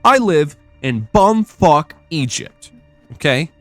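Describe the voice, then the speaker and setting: Man, podcast host, casual rant, profane, exasperated, animated delivery, dry sound. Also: on the high side, slow pace, no room sound, soft background music. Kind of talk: casual ranting storytelling.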